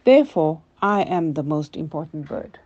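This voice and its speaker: Older woman as a fast-talking proud crow; mellow storybook read. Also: deep voice, expressive, no echo, lo-fi sound. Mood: boastful.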